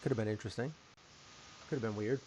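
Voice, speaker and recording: A man co-hosting a casual live stream, playful and animated, joking and exclaiming to his partner. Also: lowish voice, fast talker, breathy edge. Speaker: co-host running the stream.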